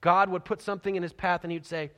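A man preaching a sermon, telling the story with animated energy and dropping to soft near-whispers for emphasis. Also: high-pitched, fast. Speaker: pastor. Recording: long hall reverb.

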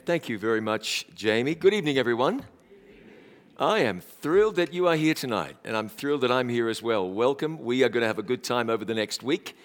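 A man in his forties with a New Zealand accent, giving a chatty, self-deprecating sermon in a church. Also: medium pitch. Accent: New Zealand, slightly Americanized. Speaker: pastor. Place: church hall. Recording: reverberant church hall.

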